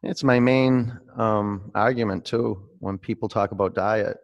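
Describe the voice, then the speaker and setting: A man guides a streamed yoga class, calling out poses and drifting into loose, laughing asides. His voice sits low, with a rough, gravelly fry underneath. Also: steady tone, measured pace, lo-fi sound. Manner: rambling and laughing between pose cues. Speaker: yoga teacher.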